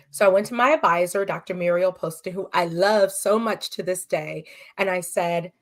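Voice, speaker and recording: A woman's voice: fairly low pitch, moderate pace, few pauses. A woman from California, a podcast guest, telling her personal story in an earnest, emotional way and acting out what others said, in a podcast studio. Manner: earnest, emotional, quotes dialogue.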